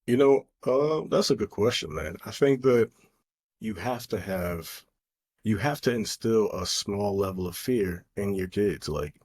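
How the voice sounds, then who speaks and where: A man's voice: lowish voice, animated, measured pace, a little mellow, slightly rough. A middle-aged man co-hosting a podcast, talking in an earnest, opinionated way with lots of fillers. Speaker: podcast co-host. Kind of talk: casual chat.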